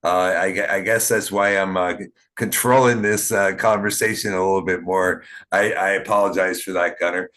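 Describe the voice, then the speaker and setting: A man from Canada hosting a podcast, talking in a casual, rambling way with many fillers and halting restarts. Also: low-pitched, steady tone, a bit bright. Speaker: podcast host. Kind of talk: casual interview chat. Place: small town.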